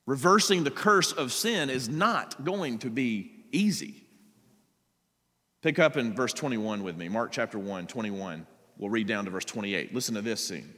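A pastor in a church sanctuary preaches a sermon, reading scripture aloud and then explaining it to the congregation. His medium-pitched voice is expressive, pushed and bright, with a measured pace and a long reverb tail.

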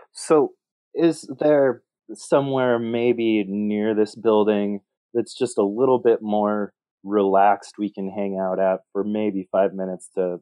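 A man's voice: on the low side, mellow, no room sound, rough recording. A man playing a tabletop game on a call, playful and confident with hesitant fillers. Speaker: player. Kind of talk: casual tabletop play.

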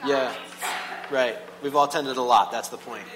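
A man preaching a casual, animated sermon, full of "like" and quick asides to the congregation. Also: medium pitch. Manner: animated, filler-heavy with frequent "like". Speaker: pastor. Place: church hall. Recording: long hall reverb, faint hum.

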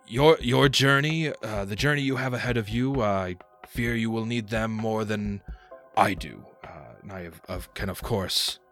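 A man voicing an eccentric old wizard host who is politely formal, and who erupts into high shrieking rage at pests. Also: moderate pace, a bit bright, faint music behind. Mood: genteel.

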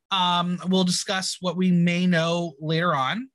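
A man hosting a podcast who recaps an episode in casual chat, quick and playfully sarcastic. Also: high voice, fairly bright tone, no room sound. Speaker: podcast host.

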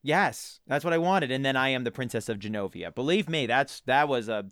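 Smooth-voiced joking podcast man. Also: mid-range voice, expressive, a little fast, fairly bright tone, dry recording, studio quality. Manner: rambling, mock-earnest jokes. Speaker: podcast co-host. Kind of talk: casual comedic podcast chat.

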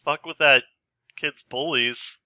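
A man's voice: a little high, fairly even intonation, slow, bright, forceful tone, no room sound. A man co-hosting a casual movie podcast, blunt and profane. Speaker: podcast co-host.

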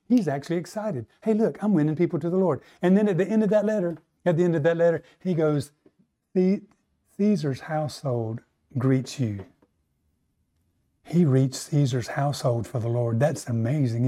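A man preaching a sermon who asks his listeners for responses, acts out quoted voices, and slows down, climbing higher and louder to stress a point. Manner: rising to a higher, louder pitch to stress points, slowing on key lines. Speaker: pastor.

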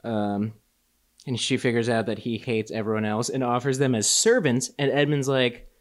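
A man's voice: medium pitch, flat delivery, normal speed. A young man co-hosting a podcast, chatting casually about a movie, swearing and laughing often. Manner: profane, joking, laughs often. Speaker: podcast co-host.

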